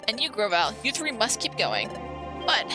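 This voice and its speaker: A woman voicing a kind, gentle male Pokemon guild leader who calmly takes charge, in a game playthrough read aloud. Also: a little high, moderate pace, music in the background, voice pushed down. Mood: firm. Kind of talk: live-streamed game playthrough, reading dialogue aloud.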